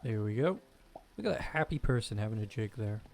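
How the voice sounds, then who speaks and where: Male streamer, casual gameplay chat, swings his pitch a lot, faint music underneath. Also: brisk, gravelly. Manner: rambling, animated rants.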